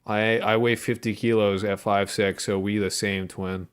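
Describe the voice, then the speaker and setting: A man with a lowish voice runs a casual livestream, bantering with viewers and reading their messages out loud. He jokes freely and swears often. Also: flat delivery, unhurried, clean tone. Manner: joking, profane, reads chat aloud. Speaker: game dev streamer.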